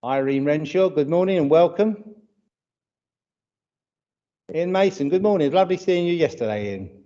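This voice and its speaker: Warm and a little high, this British church service leader's voice moves briskly with lively intonation as he chats on a livestream and welcomes viewers by name. He has a touch of hay fever and a runny nose. The recording is dull, lo-fi livestream audio.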